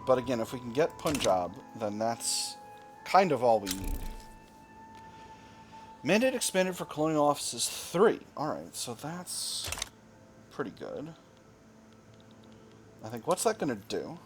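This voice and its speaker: A man's voice: medium pitch, big pitch swings, measured pace, pauses often, faint music behind. A man commenting on a strategy game he is playing, thinking aloud with dry, wry asides. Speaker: gaming video host.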